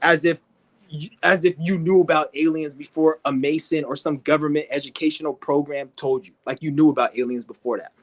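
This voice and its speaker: Brisk and fairly even in intonation, a man vlogs a profanity-laced, aggressive monologue full of mockery. He mocks people by mimicking them in whiny, high-pitched voices.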